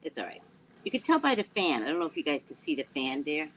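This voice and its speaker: A woman's voice: low-pitched, quick pace, slight background noise, poor audio. A woman hosting a casual livestream, joking and reacting to her chat from home without a proper mic. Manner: animated, jokey, talks to viewers and chat. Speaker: psychic livestream host. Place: home indoors. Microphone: no external mic.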